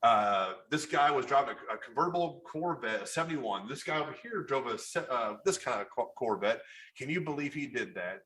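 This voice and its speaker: Brief: a man from Kentucky as a podcast guest, spinning loose, animated anecdotes with lots of "like". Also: medium pitch, brisk. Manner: animated storyteller, heavy use of "like" and "you know". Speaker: podcast guest, model photographer. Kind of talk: casual storytelling in an interview.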